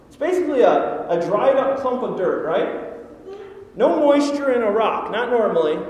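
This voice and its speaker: A man preaching a sermon as pastor, telling a story and asking rhetorical questions. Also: very high voice. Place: large echoing church hall. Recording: echoey hall reverb.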